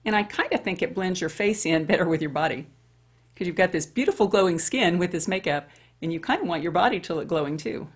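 Husky-voiced woman over fifty. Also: on the low side, animated, quick pace. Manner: chatty, talks straight to women viewers. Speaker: beauty vlogger. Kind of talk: casual makeup tutorial chat.

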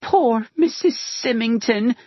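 Male reader doing a high, slow, gossipy old maid with a breathy edge. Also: expressive, dry recording, highs cut off, heavily acted. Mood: grave gossip.

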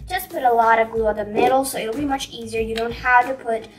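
A woman's voice: fairly high pitch, fast talker, recorded from a distance, poor audio. A woman casually demonstrating a paper craft at home, chatty and playful with joking asides. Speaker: craft tutorial presenter. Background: background music.

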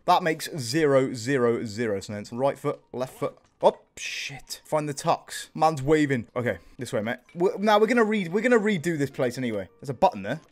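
A young British man giving excitable let's play commentary, swearing and calling his viewers boys and bro. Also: medium pitch, normal speed, few pauses. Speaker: gaming youtuber.

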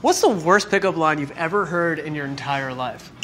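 A man asking brisk, upbeat quick-fire interview questions, laughing easily. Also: a little high, a bit bright, a little hiss or hum.

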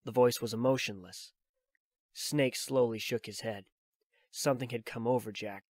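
Audiobook narrator, male, mid-pitched voice, steady plain delivery, dry close mic. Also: a little slow, no echo. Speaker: audiobook reader. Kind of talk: reading a novel aloud.

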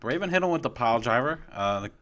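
A man's voice: medium pitch, animated, fast, a bit bright. A man hosting a casual gaming show, upbeat and prompting his co-host to talk through each match.

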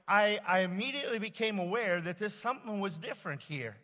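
A man preaches from a church sanctuary, telling a personal story with plenty of fillers and restarts. His voice sits a little high, and it trails off into a long reverb from the hall around him. The delivery is loose and conversational rather than polished. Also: lively intonation, pushed and bright. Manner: halting, rambling storyteller with many fillers and restarts. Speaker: pastor. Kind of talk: storytelling sermon.

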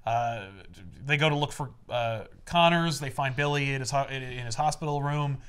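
A man casually recapping a comic book for friends, animated and acting out character lines in quick voices. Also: mid-range voice, clear, resonant tone. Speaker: comic podcast host recapping a comic.

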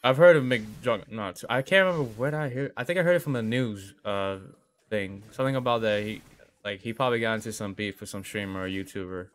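A man's voice: on the low side, a little fast. A young man live-streaming a game, chatting casually with viewers, swearing often, rambling and laughing.

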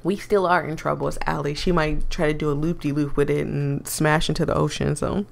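Woman streamer: gravelly voice, giggly and chatty, pokes fun at her own slip-ups while reading a story game. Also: low voice, fairly even intonation, brisk. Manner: giggly, self-deprecating, chatty. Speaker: gaming YouTuber. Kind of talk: let's-play narration with reactions.

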